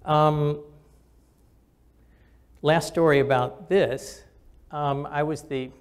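A man's voice: a little high, fairly even intonation, drawn-out words, smooth. An older man, a physician and military officer, telling personal stories in a conversational, earnest way with frequent restarts, recorded for camera. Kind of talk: reflective storytelling talk.

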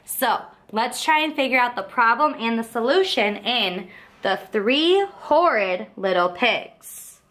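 A woman teacher reads a picture book aloud to young children, taking it slowly in a slightly high voice. She's expressive and asks them questions as she goes.

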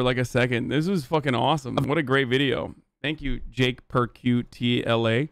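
A man in his thirties streaming, reacting and explaining in a rapid, profane, conversational way. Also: medium pitch, steady tone, gravelly, no echo. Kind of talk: live-stream reaction commentary.

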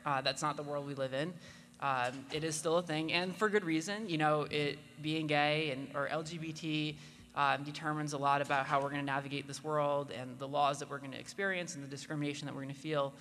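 A man speaking on a live panel in a halting way, with many pauses and fillers. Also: a little high, fairly even intonation, bright, forceful tone. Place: convention hall stage. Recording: echoey hall with faint noise.

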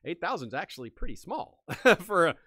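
A man talks through history in a loose, thinking-aloud way, restarting sentences as ideas come to him. His voice is bright and forward, recorded very dry and close. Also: fairly high pitch, very animated, brisk, dry recording. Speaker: podcast host. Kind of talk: casual history discussion.

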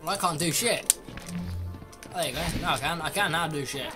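A man's voice: on the high side, brisk. A man bantering crudely while playing a co-op game. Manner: crude, jokey, swearing often. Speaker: gamer. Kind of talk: casual co-op gameplay banter. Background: loud game music.

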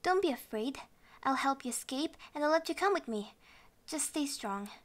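A woman's voice: high voice, animated, normal speed, pitched above the performer's own voice. A woman voicing Black Ball, a brave little ball. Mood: eager.

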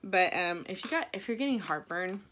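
A young pregnant woman with a Mexican-American accent, chatting casually to camera for her vlog and quoting herself in high, excited bursts. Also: normal speed, slight background noise. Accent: Mexican-American English. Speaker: vlogger.

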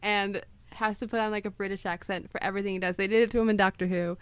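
A woman co-hosting a podcast, chatting casually as a fan, playful and gushing and quick to laugh. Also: mid-range voice, fairly even intonation, clear, resonant tone, no room sound. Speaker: podcast co-host.

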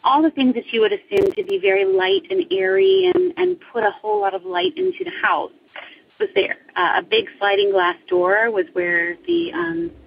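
A woman's voice: medium pitch, big pitch swings, moderate pace, creaky, slight background noise. A young woman telling her own ghost story in casual speech, hesitant, with many ums and restarts. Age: young adult. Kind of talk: casual first-person storytelling. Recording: slightly dull audio with faint music.

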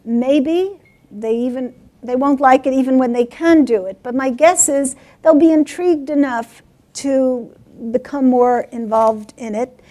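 High-voiced animated woman teaching teachers. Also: unhurried. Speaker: guest speaker for teachers. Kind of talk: workshop talk with storytelling.

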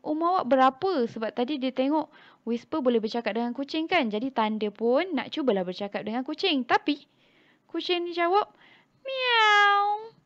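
A young Malaysian woman teaching English to young children. She walks through a storybook slowly and repeats each line in a second language. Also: high-pitched, lively intonation. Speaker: primary school English teacher. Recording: dull lo-fi recording.

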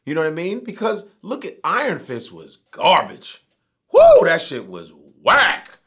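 A middle-aged man and comedian talking casually as a guest, animated and profane. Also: a little high, unhurried, breathy edge. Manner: animated, profane, prone to outbursts. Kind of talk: casual interview chat.

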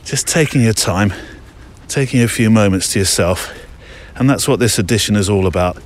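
A somewhat low-voiced man talks easily as he walks outdoors, rambling a little and reading listener emails aloud. He sounds like a podcast host speaking into a handheld recorder. Faint outdoor ambience sits behind him. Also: normal speed, slight background noise. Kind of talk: walking podcast narration. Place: outdoors on a country walk.

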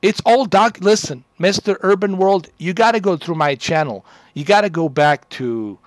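A man's voice: high-pitched, lively intonation, normal speed, no room sound, clean studio sound. A man chatting on a livestream in a boastful, rambling, profane way.

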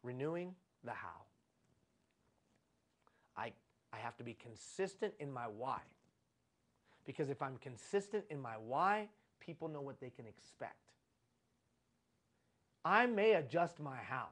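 A man's voice: medium pitch, sing-song, measured pace, long pauses, fairly bright tone. A middle-aged man giving a live conference lecture on leadership, preachy and repetitive, with lots of rhetorical questions. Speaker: leadership trainer. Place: conference room.

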